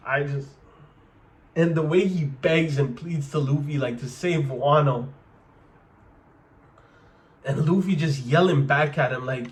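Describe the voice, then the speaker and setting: A young man giving an excited, casual manga chapter review, full of slang and filler words. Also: on the high side. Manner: hyped, lots of "like" and slang.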